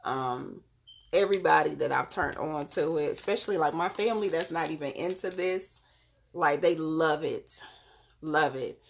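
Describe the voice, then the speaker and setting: Low gravelly-voiced woman live-streaming. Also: moderate pace. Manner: chatty, talks straight to viewers by name. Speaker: live-stream host selling crystals and readings. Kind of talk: casual live-stream demonstration.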